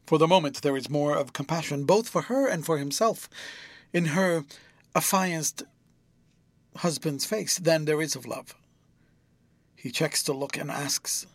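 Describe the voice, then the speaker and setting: A man narrating a classic novel in an expressive storytelling manner. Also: a little high, a little slow, long pauses, no echo. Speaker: audiobook narrator.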